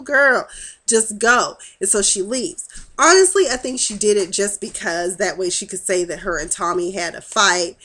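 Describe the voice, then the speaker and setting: A woman's voice: medium pitch, fairly bright tone. A young woman in a casual vlog, sassily recapping a TV episode and talking back to the characters. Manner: sassy, talks back to the characters, acts out their lines. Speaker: TV episode reviewer.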